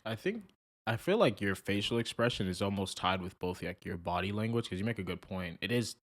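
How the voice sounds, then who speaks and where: A young man co-hosting a podcast, talking in an animated, chatty way with many fillers. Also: on the low side, fairly quick. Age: young adult. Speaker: podcast co-host. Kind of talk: casual chat.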